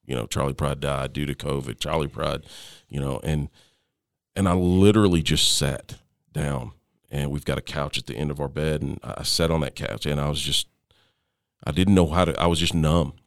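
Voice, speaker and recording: Middle-aged man as interview guest, smooth resonant low voice, dry close sound, halting delivery with restarts. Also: fairly even intonation, no room sound. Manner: halting, with frequent restarts and fillers. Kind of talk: personal storytelling in conversation.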